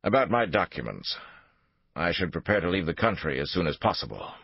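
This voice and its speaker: A man's voice: low voice, very animated, a little fast, creaky, husky, no echo, full character voice. A man voicing a ruthless, domineering male spy chief who gives orders and flares into rage. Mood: commanding. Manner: commanding, explodes into furious shouting. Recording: dull lo-fi dry recording.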